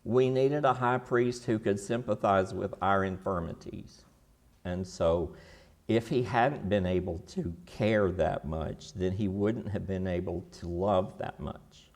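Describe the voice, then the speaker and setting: A man's voice: sits low, measured pace, a little mellow. A man teaches a Bible class in a church classroom. His manner is folksy and casual, and he keeps quizzing the students as he goes.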